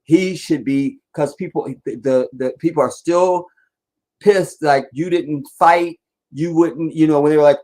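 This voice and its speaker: A man's voice: fairly high pitch, normal speed, darkish tone, low-quality recording. A man giving casual live-stream political commentary in a blunt, rambling, profane rant.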